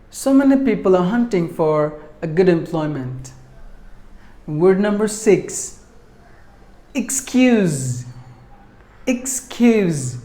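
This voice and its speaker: Male pronunciation teacher, slow and methodical, drills words syllable by syllable in a roomy, echoing space. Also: fairly high pitch, darkish tone. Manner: deliberate, repeats each word and breaks it into syllables. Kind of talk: pronunciation lesson. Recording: echoey room.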